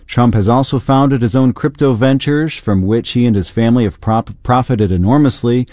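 A man reading a brisk news promo as a radio announcer. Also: mid-range voice, mellow, no echo.

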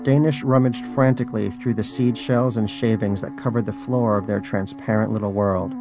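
A man narrating a story in a dry, wry, unhurried way. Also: fairly low pitch, fairly even intonation, music in the background.

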